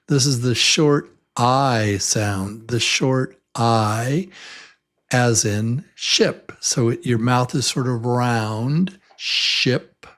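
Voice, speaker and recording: A man teaching a beginner pronunciation lesson, saying single sounds and words slowly and repeating them many times. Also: medium pitch. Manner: slow, drawn-out modelling of vowel sounds. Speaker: English teacher.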